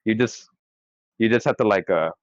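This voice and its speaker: A young man co-hosting a podcast in casual chat, excitable and quick to swear and laugh. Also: on the low side, no room sound. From California. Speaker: podcast co-host. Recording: dry, dull lo-fi sound.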